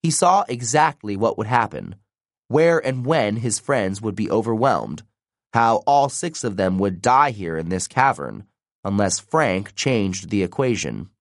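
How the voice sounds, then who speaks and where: Low-voiced guy narrating an audiobook, slow and dramatic, lots of pitch swing, dry close mic. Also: no room sound. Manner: expressive, dramatic reading. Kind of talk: scripted narration.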